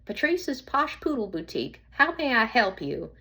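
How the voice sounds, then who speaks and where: A woman's voice: a little high, very animated, moderate pace, bright, forceful tone, voice pushed up, full character voice. A woman voicing a polite shop receptionist on the phone, speaking in a light Southern accent in a businesslike way.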